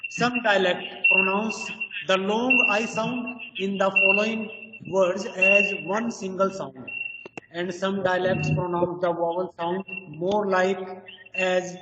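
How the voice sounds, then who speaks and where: A woman teaching as she explains step by step, hesitant and full of pauses and fillers. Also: medium pitch, steady tone. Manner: hesitant, many pauses and "you can say" fillers. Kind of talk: slow explanatory lecture. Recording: distant echoey dull-sounding recording with loud noise.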